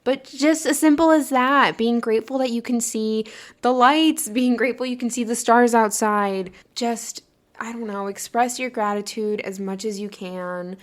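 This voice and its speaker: A woman's voice: on the high side, moderate pace. A young adult woman hosting a podcast, talking in an earnest, encouraging and loosely rambling way in a casual motivational monologue. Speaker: podcast host.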